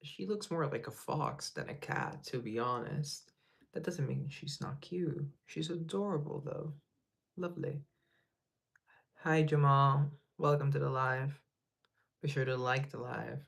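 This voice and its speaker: Gravelly yet fairly bright, a man's mid-range voice moves a little slowly as he hosts a casual livestream, reading comments aloud, rambling, and laughing at himself.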